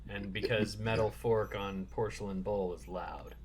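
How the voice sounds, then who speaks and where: A man hosts a laid-back podcast conversation, his voice sitting a little low. He laughs easily and explains things patiently, step by step. A faint ambient hiss sits under the recording. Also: fairly even intonation, a little slow. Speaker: podcast host. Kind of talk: casual chat.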